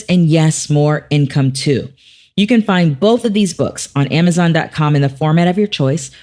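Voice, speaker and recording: A woman hosting a faith-based business podcast, upbeat and quick, laughing easily. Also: on the low side, a little mellow. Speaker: podcast host. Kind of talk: podcast interview chat.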